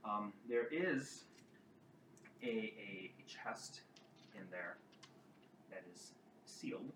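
A man narrating as game master of a tabletop game, with halting, restarting descriptions. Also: lowish voice, expressive. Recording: roomy, distant mic with clear background noise.

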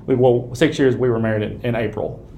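A man in his thirties, a podcast co-host, chatting casually and warmly, often restarting his sentences, openly emotional. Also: mid-range voice, steady tone, brisk, vocal fry, a little hiss or hum. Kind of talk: casual chat. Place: recording studio.

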